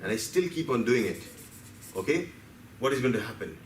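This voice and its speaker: A man's voice: mid-range voice, big pitch swings, fairly quick, slight background noise. A man from India, giving a playful, story-driven health lecture and asking the audience questions. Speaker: health speaker. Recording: roomy hall, distant mic, faint background.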